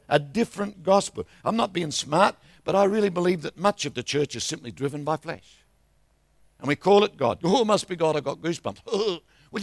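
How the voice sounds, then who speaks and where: A man's voice: high voice, creaky, dry recording. An older man, preaching a sermon as a travelling minister, telling stories and asking the congregation for responses.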